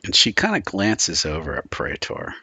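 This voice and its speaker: A man narrating a tabletop vampire game as game master, relaxed and loose with fillers. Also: low-pitched, normal speed, breathy edge, no echo.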